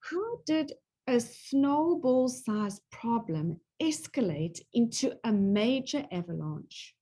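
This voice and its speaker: A middle-aged woman co-hosting a relationship talk, speaking slowly and expressively. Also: fairly high pitch, breathy edge. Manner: slow and expressive. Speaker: co-host and presenter. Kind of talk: presenting talk.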